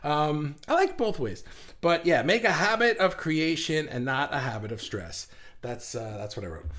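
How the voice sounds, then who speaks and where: A man's voice: fairly high pitch, expressive, moderate pace, a bit bright. A middle-aged man hosting a casual live stream, chatty and rambling, reading viewer comments and laughing at himself.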